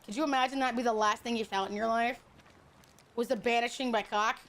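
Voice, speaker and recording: A woman's voice: a little high, steady tone, fairly quick, fairly bright tone. A woman streaming a game, chatting casually with her viewers in crude, teasing banter and laughing often. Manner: frequent laughter.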